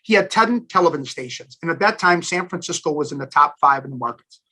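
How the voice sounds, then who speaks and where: A man in his fifties, a station manager and alumni guest, telling career stories in a chatty, animated interview. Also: fairly high pitch, fast talker. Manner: animated, chatty storyteller who addresses listeners as guys. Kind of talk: casual storytelling interview.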